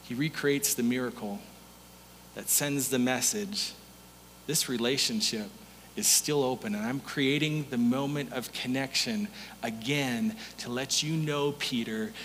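A man preaching a sermon as pastor, telling a story in an animated way, acting out voices and laughing often. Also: medium pitch, a little slow, in a large hall, slight background noise.

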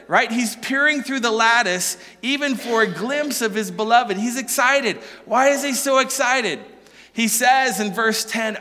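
A man preaching a sermon, animated and joking, asking the listeners question after question. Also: very high voice, measured pace, big-room sound. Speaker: pastor.

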